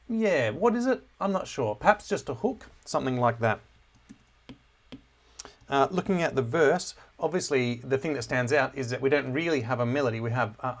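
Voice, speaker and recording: Guy teaching a music class, laid back, lots of uhs and ums, mid pitch. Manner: relaxed, many filler words, self-deprecating asides. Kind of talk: casual classroom lesson on music analysis.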